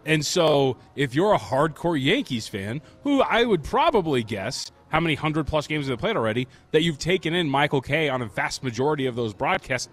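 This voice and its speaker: A man's voice: medium pitch, fairly bright tone. A man co-hosting a sports talk show who argues his points in emphatic, opinionated rants. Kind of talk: casual sports radio chat.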